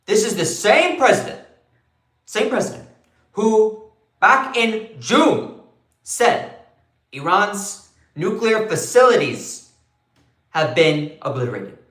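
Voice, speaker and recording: A man's voice: high voice, very animated, slow, long pauses, reverberant, pitched above the performer's own voice, heavily acted. A man doing a fiery old politician. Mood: indignant. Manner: loud, punchy, stressing each word. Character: fiery older male politician, indignant and emphatic.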